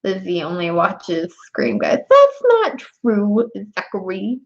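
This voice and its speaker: A young woman chatting with her live stream viewers, her pitch swinging up and down a lot. She laughs often and talks straight to her chat. The audio is dull and lo-fi. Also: wildly swooping pitch, slow pace.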